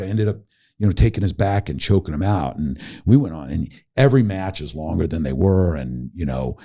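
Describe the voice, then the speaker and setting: A middle-aged man telling a story as a podcast guest, animated and laughing, acting out the people he quotes. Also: low voice. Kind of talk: casual storytelling.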